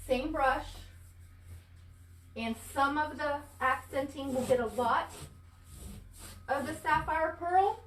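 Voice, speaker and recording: A woman's voice: high voice, slow pace, pauses often, fairly bright tone, a little hiss or hum. A woman painting furniture on a livestream, chatting to viewers and apologizing as she works some distance from the camera. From Florida, US. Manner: chatty, apologetic, talks to viewers while working. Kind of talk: casual live demonstration.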